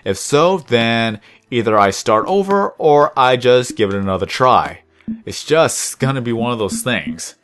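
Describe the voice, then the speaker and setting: A man's voice: lively intonation, fairly bright tone, slight background noise. Young man, rambling gameplay chatter. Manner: rambling, chatty, self-reflective; deliberately lifts his voice above his natural low tone. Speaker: gaming channel host. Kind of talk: casual commentary over gameplay.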